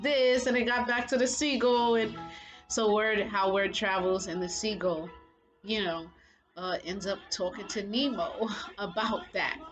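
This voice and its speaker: A woman's voice: medium pitch, fairly even intonation, measured pace, music in the background, rough recording. A woman giving casual spiritual commentary as a vlogger, rambling and leaning heavily on filler phrases. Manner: rambling, heavy on "you know" fillers.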